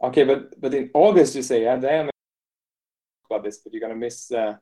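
Mellow-voiced man, laughing podcast co-host. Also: mid-range voice, a little fast. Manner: laughs often, jokey, swears casually. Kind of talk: casual hobby podcast chat.

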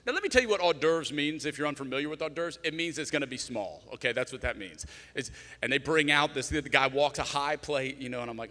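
A man preaching a sermon, telling a comic story with lively, animated delivery. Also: medium pitch, moderate pace, big-room sound. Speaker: pastor. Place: large church hall.

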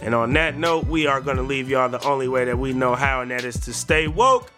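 A man hosting a casual sports talk show, laying out his opinions at length in a measured way. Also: medium pitch, animated, over music. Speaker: show host.

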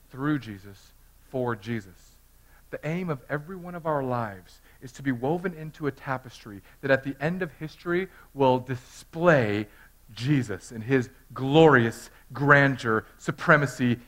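A man preaching a sermon as pastor, swinging from hushed, intimate talk to loud, fervent passages and often repeating words. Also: mid-range voice.

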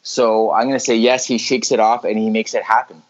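A man co-hosting a casual sports chat, telling quick animated stories and swearing freely. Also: fairly low pitch. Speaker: podcast co-host. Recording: dull lo-fi audio.

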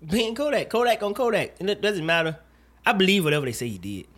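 A man hosting a laid-back podcast, chatting in an animated, joking way. He swears freely and drifts off into rambling asides. His voice sits a little high for a man. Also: fast. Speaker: podcast host. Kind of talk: casual chat.

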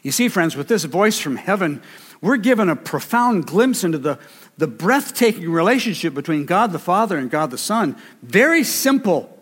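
A man's voice: high voice, very animated, normal speed, a bit bright, slightly rough. A man preaching a sermon with emphasis, repeating key phrases for weight. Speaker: pastor. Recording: reverberant hall.

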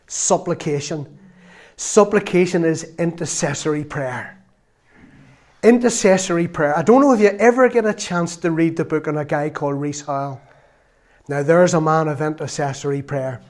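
Earnest man preaching. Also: a little high. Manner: earnest, storytelling, rises to loud exclamations. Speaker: lay preacher. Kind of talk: sermon.

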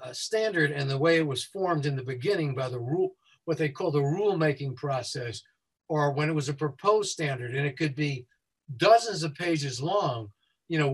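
A man working as a safety consultant. He speaks quickly and explains things step by step as a guest who walks listeners through a website. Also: on the high side, expressive, husky, poor audio.

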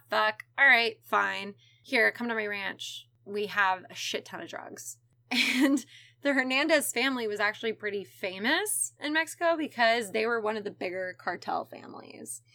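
A woman with a bright, lifted voice tells a true crime story to a friend. She talks casually, swears freely and slips into quick voices for the people in the story. Her pitch sits a little high. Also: no room sound. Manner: casual, profane, acts out quotes. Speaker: podcast host telling a true crime story.

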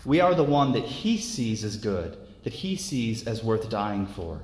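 A man's voice: fairly low pitch, sing-song, a little mellow. Earnest male preacher in a ringing hall. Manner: earnest, unhurried, repeats words as he goes. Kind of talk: sermon. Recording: echoey hall with long reverb.

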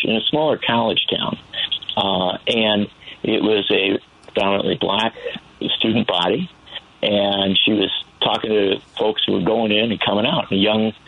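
Gravelly man on a tinny phone line. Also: on the low side. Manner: earnest, building passion. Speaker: political commentator. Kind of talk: call-in radio commentary.

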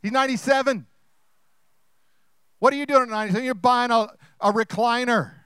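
A man preaching with a high, smooth, resonant voice. He talks in a lively, conversational way and slips into acted-out voices. The sound is close and dry. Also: a little fast, no echo. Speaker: pastor. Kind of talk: sermon.

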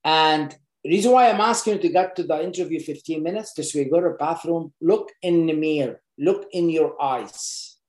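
A job advice presenter speaks to camera at a normal speed with few pauses, his medium-pitched voice slightly mellow. He comes across as an earnest coach, repeating points for emphasis in loose, unscripted phrasing with frequent restarts. The room sounds echoey.

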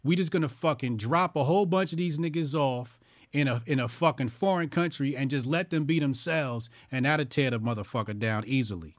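Man host, profane and blunt, mid-pitch, dry close sound. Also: a little fast, no room sound. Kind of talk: casual political chat.

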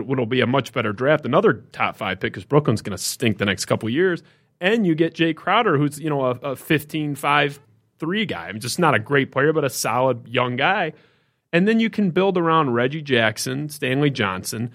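A man co-hosting a sports podcast, telling a story in casual, animated talk that gets more indignant as it goes. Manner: animated storytelling, rising pitch when indignant. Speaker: podcast co-host.

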